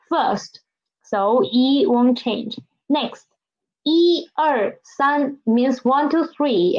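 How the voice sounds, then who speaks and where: Woman language teacher, high voice, slow patient delivery, dull lo-fi recording. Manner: slow, patient, repeats each example and checks with "right?". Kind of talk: recorded online language lesson.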